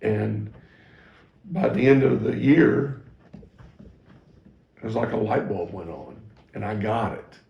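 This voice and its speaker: Middle-aged male pastor, low gravelly voice, candid self-deprecating teaching talk, echoey room. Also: animated, slow, pauses often, lo-fi sound. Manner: candid, self-deprecating storytelling with frequent restarts. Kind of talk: personal teaching talk to ministry staff.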